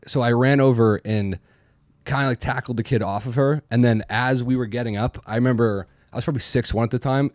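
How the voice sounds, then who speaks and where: A man's voice: medium pitch, no echo, clean studio sound. A young man from Massachusetts telling a profane, self-deprecating story in casual chat.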